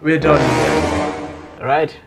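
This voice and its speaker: A man's voice: fairly high pitch, steady tone, slow. A man playing a stern, exasperated interviewer in a comedy skit, with music playing under him.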